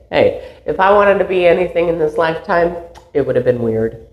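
A woman with a low voice talks through her inner practice in a meandering, earnest way and laughs at herself now and then. Her voice rings in a roomy space, and the recording sounds a little dull. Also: lively intonation, moderate pace. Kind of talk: reflective spiritual monologue.

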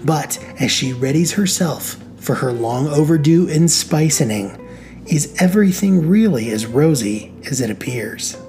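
A woman's voice: sits low, expressive, unhurried, over music. A woman host giving a dry, wry comic reading of her own romance story.

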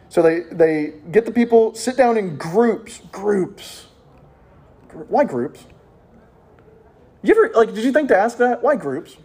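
A preacher giving a sermon in church, telling the story in a lively, jokey way and often checking in with his listeners. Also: high-pitched, husky.

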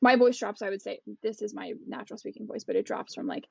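Woman co-host, gravelly and raspy, candid and self-reflective, dull dry audio. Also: medium pitch, steady tone, fast talker, a little mellow, no echo. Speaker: culture expert, podcast co-host. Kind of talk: casual podcast chat.

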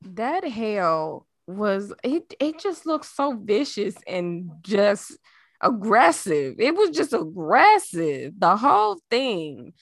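A woman's voice: medium pitch, sing-song, slow pace, no room sound, studio quality. A woman co-hosting a podcast in casual chat, blunt and exasperated, swearing freely. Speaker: podcast co-host.

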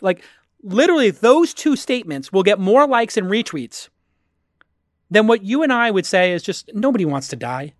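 A man's voice: high voice, sing-song, a little fast, dry recording. American guy ranting on a podcast, heated and sweary, dry close sound. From United States. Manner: profane, impassioned, emphatic. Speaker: podcast guest.

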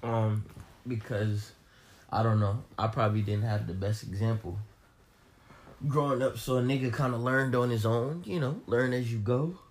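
A man's voice: medium pitch, normal speed. A young man chatting casually on a podcast, laid-back, profane and teasing. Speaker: podcast guest, host's brother. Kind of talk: casual chat.

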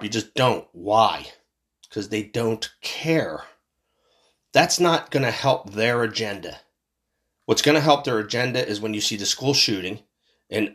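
A man's voice: on the low side, fairly bright tone. A man from Philadelphia delivering a heated, profane monologue, repeating himself as he builds up steam. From Philadelphia, USA. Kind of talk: angry political rant.

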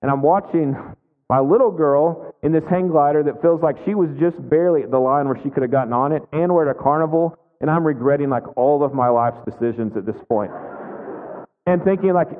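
A man in his thirties preaches to his congregation in a loose, chatty way, tossing in "right?" to keep listeners with him. His voice sits a little high for a man. The sound is thin and phone-like, with a long echo trailing off through a big hall. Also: fairly quick. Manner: conversational, frequent "right?" asides. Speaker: pastor. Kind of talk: sermon with personal story.

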